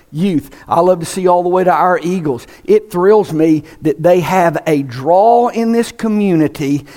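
Man preaching, high voice, emphatic, long echo of a church hall. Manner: preaching, emphatic, rising to near-shouts. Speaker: pastor. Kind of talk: sermon. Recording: echoey hall.

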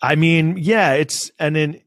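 Male podcast co-host, dry close mic, casual and animated, curses freely. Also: a little high, takes it slowly, no room sound. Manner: animated, swears, mimics people in quoted voices. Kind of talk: casual chat.

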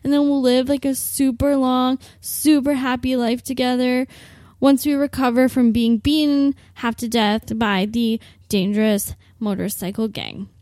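A woman's voice: high voice, level tone, a little slow, a little mellow, no echo, studio quality. A woman in her twenties hosting a solo podcast, rambling through a self-mocking comic fantasy with lots of "like". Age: 20s. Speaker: podcast host. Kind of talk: comedic solo storytelling.

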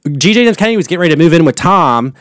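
A man's voice: on the high side, animated, very fast, fairly bright tone, dry recording, clean studio sound. A man hosting a solo podcast, chatting casually and gossiping animatedly about reality television, swearing freely. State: voice going hoarse. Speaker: podcast host. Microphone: studio podcast mic.

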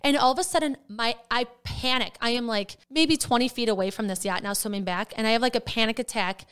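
A young woman co-hosting a casual podcast, telling stories in an animated way with sudden high jumps. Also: a little fast, clear, resonant tone. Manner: animated storyteller, voice jumps high when excited. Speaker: podcast co-host. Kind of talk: casual chat.

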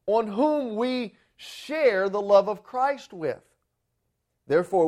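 A male pastor delivering a sermon with a fairly high voice. He talks emphatically, stumbling over restarts and fillers as he drives his points home.

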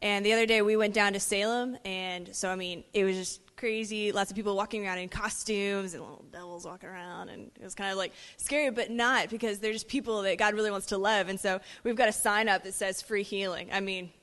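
A woman from a ministry team telling a lively testimony story, animated and laughing as she goes. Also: mid-range voice, a little fast, hardly any pauses, smooth. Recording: reverberant hall.

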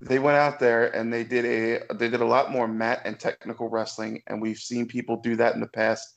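A man co-hosting a chat show, giving measured, analytical opinions in casual talk. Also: mid-range voice, little pitch movement, vocal fry. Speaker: podcast co-host.

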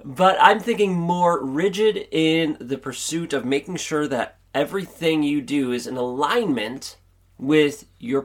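A man hosting his own podcast and giving an upbeat, earnest, chatty pep talk. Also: medium pitch. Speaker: podcast host. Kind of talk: motivational solo podcast monologue.

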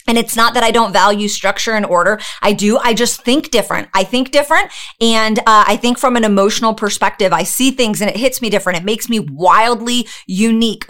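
A woman coaching women in a loud, passionate, emphatic motivational talk, often adding "okay?". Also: on the high side. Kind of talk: motivational monologue.

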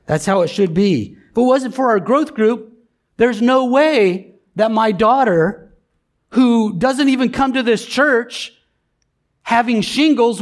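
A man's voice: very high-pitched, slow pace. A middle-aged man preaching a sermon in a conversational, emphatic way, often checking in with the congregation. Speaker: pastor.

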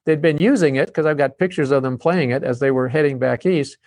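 A man's voice: on the high side, a little fast, a little mellow, no room sound. An older man, a guest on an interview show, telling a long story in a chatty way and slipping into the voices of the people he quotes. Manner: chatty, acts out quoted dialogue. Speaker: guest, drum company founder.

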